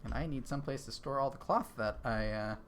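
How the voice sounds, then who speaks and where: A man's voice: mid-range voice, brisk, fairly bright tone, slight background noise. Chatty male game streamer thinking aloud. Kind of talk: casual live-stream chat while gaming. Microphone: desk microphone.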